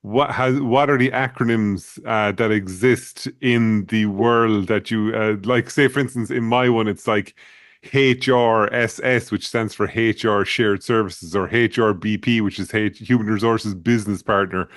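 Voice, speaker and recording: A man's voice: on the low side, fairly even intonation, unhurried, dry recording. Man, podcast host, teasing banter, casual, dry close recording.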